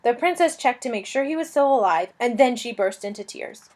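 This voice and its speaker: A woman reading a children's fantasy novel aloud, telling it in a lively, expressive way. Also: a little high, fairly quick, very noisy. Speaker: reader.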